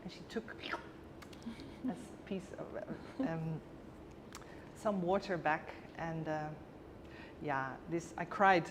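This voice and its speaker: This woman's voice is deep, and she speaks slowly with long pauses, heard through long reverb and faint background noise. As a conversation guest, she tells a personal story vividly and emotionally, acting out the lines of dialogue.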